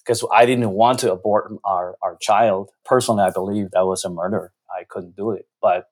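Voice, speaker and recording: A man's voice: fairly low pitch, steady tone, moderate pace, darkish tone, husky. A man, giving earnest, reflective interview answers with frequent restarts. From China.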